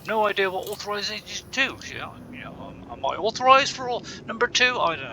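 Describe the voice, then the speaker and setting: A man's voice: high-pitched, sing-song, quick pace, bright, forceful tone, a little hiss or hum. A man rambling casually through gameplay commentary, chatty and laughing often, talking to himself. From Bristol, England. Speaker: gaming channel host.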